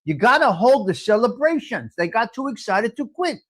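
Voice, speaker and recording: Guy hosting a live coffee stream, kinda high voice, blunt and jokey, cusses a lot. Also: sing-song, normal speed, a bit bright, breathy edge. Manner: blunt, joking, swears freely, talks straight to chat. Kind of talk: casual live-stream chat with viewers.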